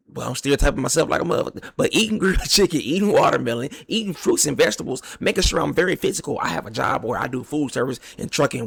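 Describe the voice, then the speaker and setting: A man's voice: medium pitch, creaky, fairly bright tone, husky, dry recording. A man who works in food delivery and trucking, giving his opinion in a joking, rambling way with slang and long analogies. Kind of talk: casual opinion monologue.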